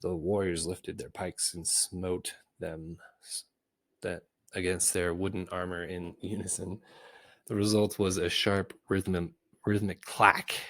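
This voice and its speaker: A man's voice: low-pitched, fairly bright tone, no echo. A man reading a children's novel aloud in a goofy, casual way, with small slips and self-corrections. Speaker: book reader.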